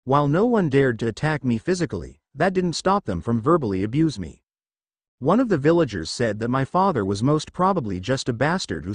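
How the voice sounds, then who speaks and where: A man voicing a cold, bitter teenage boy ninja in a fanfiction read-aloud, speaking in a flat monotone. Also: mid-range voice, dry recording. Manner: flat monotone, quietly seething.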